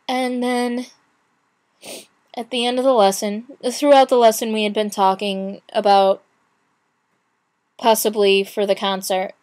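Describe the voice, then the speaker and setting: Retelling her day in a casual chat to camera, a young vlogger takes her time, pausing and starting over now and then while she performs other people's lines. Her voice is a little high and a little mellow.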